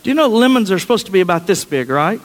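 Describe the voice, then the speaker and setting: A man's voice: high-pitched, very animated, fast talker, big-room sound, rough recording. A man preaching a sermon, telling a family story in a chatty, anecdotal way with frequent restarts.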